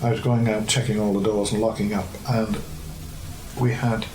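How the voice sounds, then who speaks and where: A man's voice: lowish voice, little pitch movement, moderate pace. A man recounting a funny memory from his hotel work in an oral-history interview, chuckling as he tells it. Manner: amused storytelling, laughing. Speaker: former hotel worker. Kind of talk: archive oral-history anecdote. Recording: echoey room with faint background noise.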